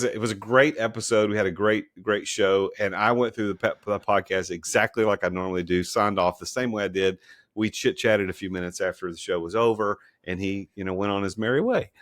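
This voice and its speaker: Male podcast host, low voice, very dry close sound, chatty and animated storyteller. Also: fairly quick, no room sound. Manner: animated, laughing anecdotes. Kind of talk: casual conversational storytelling.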